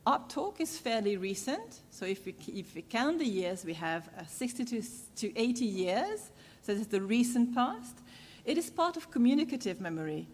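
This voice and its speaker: A woman's voice: fairly high pitch, big pitch swings, darkish tone, husky. Woman lecturing in a reverberant hall. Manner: measured, with frequent "uh" pauses. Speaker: university lecturer. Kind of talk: academic lecture.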